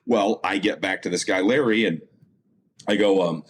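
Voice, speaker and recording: A man's voice: sits low, normal speed. A man guest, a motorsport announcer, telling a story in a casual interview, full of fillers and restarts. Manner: animated storyteller, many fillers and self-repeats.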